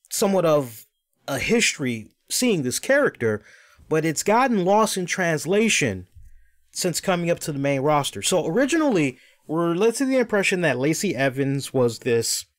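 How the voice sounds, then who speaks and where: Male host with a high voice who reviews wrestling in an emphatic, animated way.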